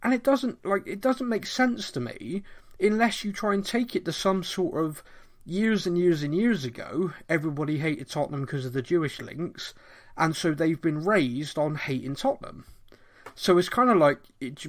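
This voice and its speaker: Animated middle-aged Bristolian man. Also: fairly high pitch, normal speed. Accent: mild Bristolian. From Bristol, England. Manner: animated, rambling, thinks aloud. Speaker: podcast co-host. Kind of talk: casual football chat.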